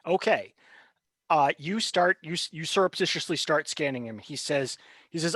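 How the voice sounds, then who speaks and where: Guy running a tabletop rpg, kinda high voice, dry close sound. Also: animated, pushed and bright, no echo. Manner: brisk, with fillers and restarts. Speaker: game master. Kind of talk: narrating a tabletop game.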